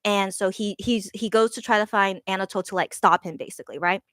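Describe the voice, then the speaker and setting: A woman excitedly retelling a night at the theater in casual storytelling, giggly and rambling, full of fillers and restarts. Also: mid-range voice, quick pace, no room sound. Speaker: fan recounting a theater show.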